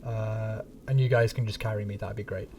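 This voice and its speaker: A man's voice: fairly low pitch, steady tone, a little fast, recorded from a distance, noisy background. A man from England with a neutral English accent, chatting casually and rambling while streaming a game, swearing now and then. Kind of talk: casual gaming stream chat.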